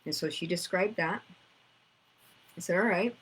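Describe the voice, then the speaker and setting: A woman's voice: lowish voice, moderate pace, fairly bright tone, husky, rough recording. A woman, teaching about inner child work in a casual storytelling way, acting out conversations. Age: 50s.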